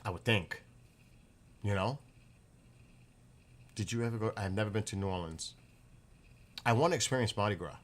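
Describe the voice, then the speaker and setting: A man's voice: on the low side, normal speed, long pauses. A middle-aged man from the northeastern US telling rambling, profane stories in a casual monologue. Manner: rambling, profane, animated retelling.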